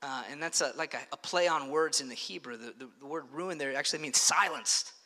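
A man preaching a sermon in a conversational, animated way, with frequent fillers and restarts. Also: a little high, brisk. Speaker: pastor. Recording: long reverb of a large hall.

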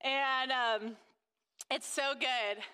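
A woman's voice: high-pitched, fairly even intonation, extremely slow, bright, forceful tone, clean tone, long reverb tail. A woman sharing a casual faith testimony about being a mother. She gushes and fills her talk with restarts and fillers. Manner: gushing, full of fillers and restarts.

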